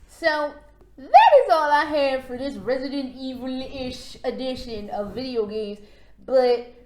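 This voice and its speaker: High-pitched lady ranting about games, sarcastic, cusses a lot, echoey room. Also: animated, a little slow, a little mellow, a little hiss or hum. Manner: sarcastic and profane, with frequent laughs. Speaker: video game vlogger. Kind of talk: casual unscripted rant. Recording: roomy echo.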